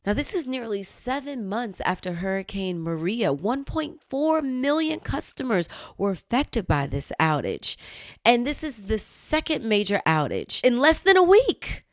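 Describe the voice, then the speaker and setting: Female news-commentary host, animated and chatty, lively swings in pitch. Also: a little slow, no room sound, studio quality. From United States. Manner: animated, chatty, exclaims and laughs at herself.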